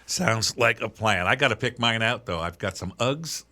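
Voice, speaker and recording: Middle-aged male podcast co-host, low bright voice, animated storyteller, casual chat. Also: moderate pace. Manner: animated storyteller, laughs while talking.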